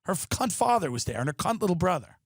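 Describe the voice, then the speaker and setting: Brief: male comic host, fairly high voice, profane animated rant, dry close sound. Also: fast, slightly rough, dry recording. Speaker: podcast host. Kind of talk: ranting comedic monologue. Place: his apartment.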